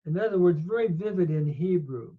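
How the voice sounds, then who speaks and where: An older man teaching scripture in a slow lecture, reading Hebrew verses aloud and explaining each one with measured emphasis. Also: high voice, expressive, husky. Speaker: Bible teacher. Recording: dull lo-fi recording.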